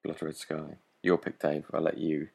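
A man's voice: a bass voice, completely flat delivery, moderate pace, vocal fry, a little mellow. A man hosting a podcast in a dry, casual way, steering the talk between segments. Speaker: podcast host. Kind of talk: casual chat.

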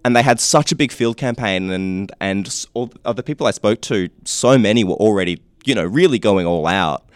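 A man with a very low voice speaks in a reflective, hesitant way. He shares stories in casual podcast chat. The sound is dry and close. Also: expressive, fairly quick, clear, resonant tone, no room sound. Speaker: podcast co-host.

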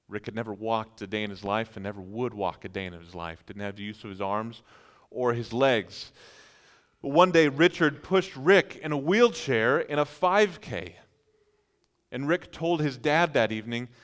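A man's voice: medium pitch, a bit bright. A man preaching a sermon, telling vivid stories and acting out incredulous reactions. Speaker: pastor.

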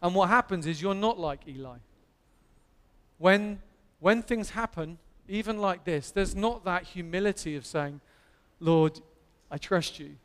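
Englishman, earnest emphatic preacher, high voice, long church reverb. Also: lively intonation, unhurried, fairly bright tone, smooth. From England. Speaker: pastor. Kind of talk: sermon. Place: church hall.

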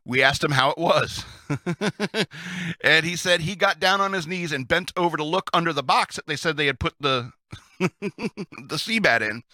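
A man hosts a relaxed storytelling session, reading sea stories with frequent chuckles and side comments. His voice sits a little high and has a very bright, sharp edge. It sounds dry and close, with no room echo. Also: measured pace. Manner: chuckles often, chatty asides. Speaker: host reading Navy stories. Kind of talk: casual storytelling.

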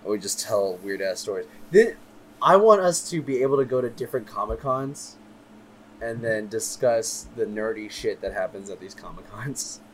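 A man co-hosting a podcast in easygoing casual chat, talkative and quick to laugh. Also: lowish voice, a little hiss or hum. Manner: animated, laughs easily, chatty. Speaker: podcast co-host.

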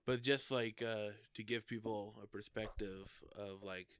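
A man co-hosting a podcast in casual chat, halting with many fillers and restarts. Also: fairly low pitch, fairly even intonation, clean tone, no echo. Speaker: podcast co-host.

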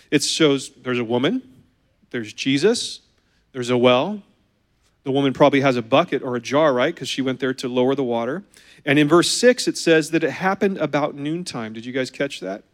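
Man preaching a lively sermon, higher-pitched voice. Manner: lively, asks the congregation questions. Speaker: pastor. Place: church service.

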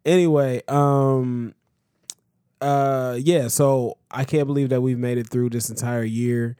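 Laughing through his protests, this podcast co-host talks in a casual, exasperated way. He has a mid-range, mellow, clean-toned voice that stays steady and moves slowly. It's captured dry on a podcast microphone with clean studio sound.

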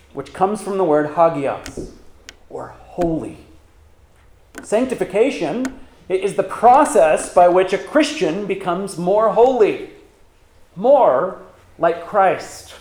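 A man's voice: sits high, a little mellow, roomy sound. A man pastor preaching a sermon, asking rhetorical questions and reading scripture aloud with emphasis.

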